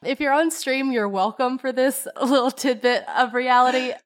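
A woman's voice: sits high, normal speed. A woman who plays in a tabletop podcast, chatting playfully and laughing often, on a headphone mic. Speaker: podcast player. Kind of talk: casual podcast chat.

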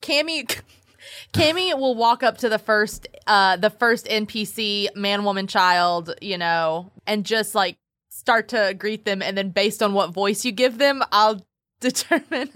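A young woman playing a tabletop game, chatty and giggly, quick to jump in with her character's lines. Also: mid-range voice, a bit bright. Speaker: player. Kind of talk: tabletop role-play chat.

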